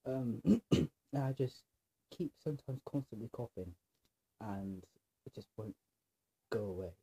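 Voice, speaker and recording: A man with a sore throat and a nagging cough, rambling in a scattered, self-deprecating way to his camera and clearing his throat often. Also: mid-range voice, animated, a little slow, warm tone. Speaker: vlogger. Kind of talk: rambling casual monologue to camera.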